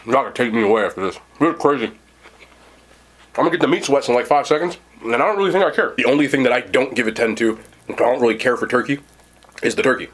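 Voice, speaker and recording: A man's voice: mid-range voice, fast, a bit bright. A man hosting a casual mukbang food review, chatting to viewers while he eats. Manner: chatty, talks while eating. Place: seated indoors at home.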